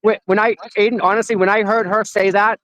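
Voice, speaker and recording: A man asking questions in a casual chat, halting and supportive. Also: high voice, little pitch movement, fairly bright tone, no room sound, rough recording. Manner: halting, supportive, restarts often. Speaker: interviewer.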